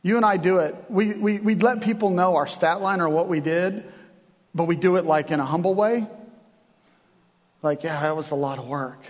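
Pastor, male, high-pitched voice, lively conversational sermon delivery in a church with long reverb. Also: normal speed, long pauses. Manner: animated, conversational preaching with acted-out quotes.

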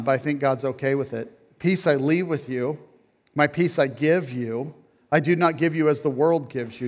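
A middle-aged man, a pastor, preaching a sermon that swings from quiet, low phrases to loud, emphatic peaks. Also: creaky.

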